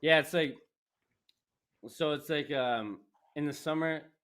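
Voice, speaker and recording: A man from Canada chatting casually as a podcast host, rambling and animated, laughing often. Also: on the high side, takes it slowly, clear, resonant tone. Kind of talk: casual chat.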